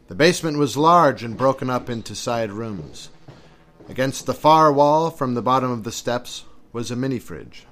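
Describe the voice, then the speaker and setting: A man narrating a scripted suspense story in a measured way, over faint music. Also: mid-range voice, a bit bright.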